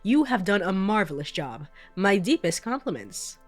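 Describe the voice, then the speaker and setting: A woman's voice: mid-range voice, big pitch swings, normal speed, soft background music. A sick woman putting on a pompous, flowery tea snob. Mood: grandly pleased. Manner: grandiose, flowery, condescending. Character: pompous refined tea-loving gentleperson.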